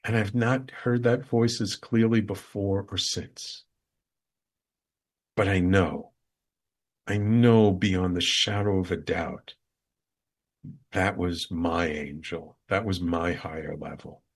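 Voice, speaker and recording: A man's voice: deep voice, fairly even intonation, takes it slowly, pauses often, breathy edge. A man hosting a show, earnestly telling a heartfelt personal story with repeated emphasis. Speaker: show host.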